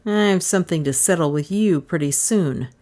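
Grim menacing detective, curt and threatening, low voice, a woman reading, storybook. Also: expressive, a little slow. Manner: curt, threatening, through clenched teeth.

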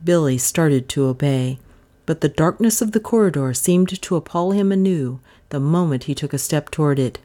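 Low, lively woman reading a mystery. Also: normal speed. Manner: dramatic, suspenseful storytelling. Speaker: audiobook narrator. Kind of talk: expressive scripted narration.

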